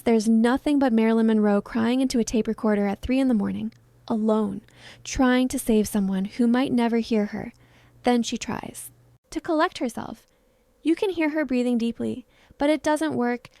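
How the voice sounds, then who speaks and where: A woman giving scripted narration of a true story in a hushed, solemn storytelling manner. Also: on the high side, no echo.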